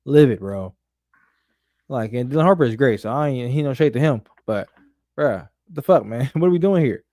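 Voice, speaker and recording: A man's voice: medium pitch, animated, normal speed, dark tone, dry recording, clean studio sound. A young man co-hosting a sports podcast, talking emphatically and profanely in casual chat. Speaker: podcast co-host.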